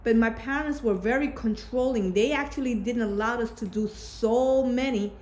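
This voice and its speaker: A soft-spoken, agreeable woman in casual conversation. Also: on the high side, moderate pace, roomy sound. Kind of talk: casual chat.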